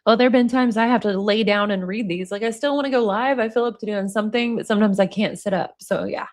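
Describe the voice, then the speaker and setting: An American woman chats casually on a livestream, reading viewer comments aloud and rambling between them. She talks fast at a medium pitch, says "y'all," and calls herself a hillbilly.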